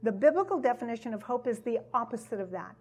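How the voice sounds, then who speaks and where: Woman preacher, higher voice, breathy, deliberate, leans on repetition. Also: animated, a little mellow. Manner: emphatic, repeats key phrases. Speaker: Bible teacher. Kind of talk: teaching sermon.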